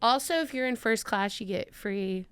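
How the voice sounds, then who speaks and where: A woman's voice: mid-range voice, moderate pace, smooth. A woman from Mississippi, a podcast guest chatting casually and acting out her own quotes as she tells stories. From Mississippi, USA.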